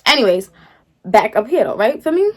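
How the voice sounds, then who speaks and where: A woman's voice: a little high, very animated, moderate pace. A young woman telling a personal story to her viewers in a sassy, slangy, dismissive way, often checking in with "feel me?". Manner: slangy, talks straight to viewers, keeps asking "feel me?". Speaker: storytime vlogger.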